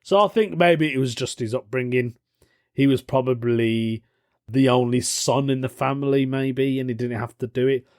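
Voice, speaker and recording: A man's voice: mid-range voice, normal speed, a little mellow, clear, resonant tone, no room sound, clean studio sound. A man hosting a podcast in a casual chat, jokey and rambling, laughing often at his own asides. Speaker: podcast host.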